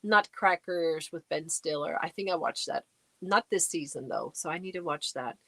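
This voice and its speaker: A woman's voice: low-pitched, animated, moderate pace, gravelly, a bit bright, no echo. A middle-aged woman hosting a casual livestream, chatting away and reading out and answering viewer comments. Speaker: livestream host. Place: home crafting space.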